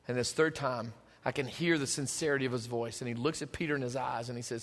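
A man preaching a sermon in a conversational way, moving between hushed and emphatic, in a church hall with long reverb. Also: mid-range voice, steady tone, quick pace.

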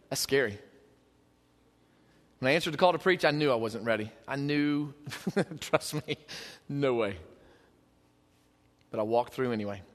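A man preaching a sermon, emphatic and passionate, stacking repeated phrases and dropping from loud to hushed. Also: mid-range voice, long reverb tail. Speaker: pastor.

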